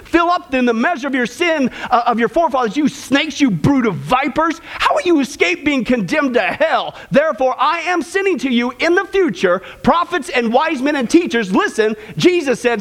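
A man preaching a sermon in an animated way, acting out the voices of the people he quotes. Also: very high voice, normal speed.

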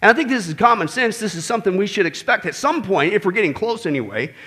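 A man preaching a sermon to a congregation in a conversational, animated way, often checking in with "okay?" and dropping jokes. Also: high-pitched, fast.

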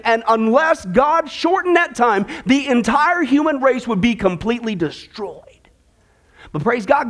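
A pastor with a strikingly high voice for a man delivers a sermon in church. He eases in with a joke and keeps a chatty tone, asking his listeners questions as he goes. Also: a bit bright. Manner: jokey, conversational, asks the congregation questions.

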